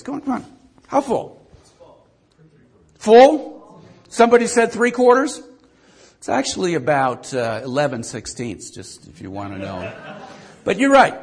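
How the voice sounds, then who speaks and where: An older male pastor with a husky, breathy voice that sits unusually high for a man. He preaches in a folksy, self-mocking way, tossing asides and questions to the congregation. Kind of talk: sermon.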